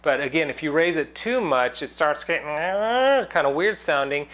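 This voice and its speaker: A man's voice: a little high, animated, moderate pace, a bit bright. A man teaching singing in a casual online lesson, explaining loosely with many fillers and breaking into sung demonstrations.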